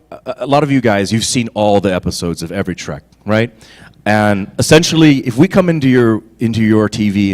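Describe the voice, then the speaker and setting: Give me an animated man chatting to fans on a panel, voice leaping high and low. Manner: animated, laughing, swings from low murmurs to loud bursts. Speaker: convention panel guest actor. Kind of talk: casual storytelling on a fan panel.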